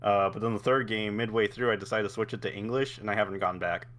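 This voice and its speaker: Giggly low-voiced man chatting. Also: fairly even intonation, fast, fairly bright tone. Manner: giggly, laughs often, many restarts. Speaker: podcast co-host. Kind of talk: casual chat.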